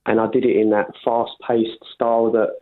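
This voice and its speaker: A man's voice: lowish voice, flat delivery, moderate pace. A man calling in to a radio show, earnest and eager as he talks about reading to his kids. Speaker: caller. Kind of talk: phone-in chat. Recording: tinny phone line.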